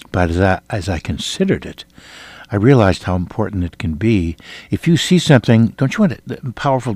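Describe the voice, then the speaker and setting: An older man from Iowa preaching a sermon, telling a personal testimony with earnest, dramatic swings between loud and hushed delivery. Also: fairly low pitch, breathy edge, no room sound. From Iowa, United States.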